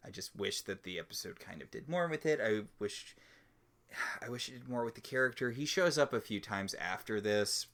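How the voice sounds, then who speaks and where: A man's voice: fairly low pitch, lively intonation, normal speed, fairly bright tone. A man co-hosting a TV recap podcast in casual chat, chatty and rambling. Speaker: podcast co-host.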